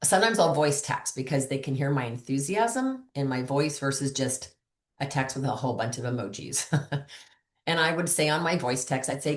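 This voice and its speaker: Low voiced lady chatting through sales tips, lively, acts out customer calls, echoey room. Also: moderate pace. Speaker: beauty consultant trainer. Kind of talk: casual training talk on a live stream.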